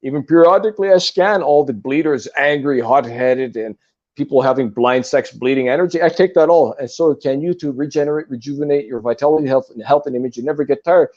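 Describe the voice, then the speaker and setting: A man's voice: medium pitch, fairly quick, darkish tone, highs cut off. A man in casual spiritual talk, speaking in an earnest, repetitive, lecturing way. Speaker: guest on a spiritual talk stream.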